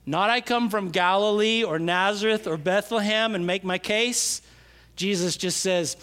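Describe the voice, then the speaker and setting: High-voiced man preaching emphatically. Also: steady tone. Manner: emphatic, drawn-out stresses on key phrases; swings from loud to hushed. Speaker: pastor. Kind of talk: sermon.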